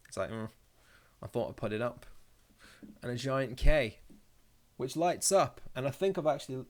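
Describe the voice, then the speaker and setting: A man hosting a casual live stream, reading out viewer comments and joking around in a rambling way, swearing freely. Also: medium pitch.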